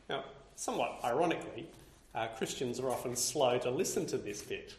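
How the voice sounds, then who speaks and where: A man's voice: medium pitch, expressive, a little fast. A man preaching a sermon, building his points in lists that grow more intense. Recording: roomy echo.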